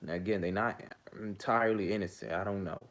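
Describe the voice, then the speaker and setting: A man's voice: deep voice, fast talker, fairly bright tone. A man hosting his own commentary vlog, ranting heatedly, stammering and repeating himself. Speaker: host.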